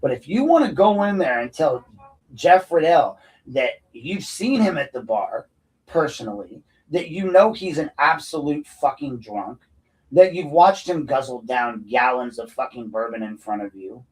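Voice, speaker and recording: A man's voice: medium pitch, sing-song, measured pace, far from the mic, rough recording. Profane, combative man ranting off-mic. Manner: profane, combative, gets loud and heated. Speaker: podcast host. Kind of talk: unscripted ranting monologue.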